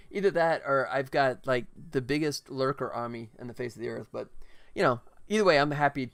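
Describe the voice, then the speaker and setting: A man's voice: mid-range voice, fairly quick, creaky, fairly bright tone, no echo. A man streaming his game development, chatting casually, laughing often and thinking aloud as he works. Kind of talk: casual livestream chat while building levels.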